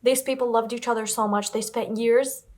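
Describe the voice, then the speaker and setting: A woman's voice: on the high side, fairly even intonation, moderate pace, darkish tone. A young woman chatting to camera in a casual reading vlog, rambling and emphatic, repeating herself and swearing casually, upset and close to tears. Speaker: book vlogger.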